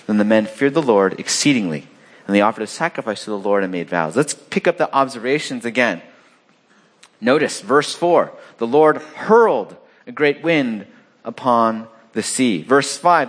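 A man preaching a sermon, reading scripture aloud and explaining it in a conversational way, acting out the characters with sharp jumps in pitch. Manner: animated, acts out the sailors with sharp rises in pitch; conversational, with fillers and restarts. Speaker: pastor.

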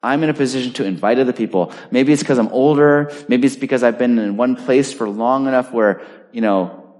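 A man's voice: medium pitch, brisk, a little mellow. A middle-aged man preaching a sermon as pastor, emphatic and full of rhetorical questions. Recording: reverberant hall.

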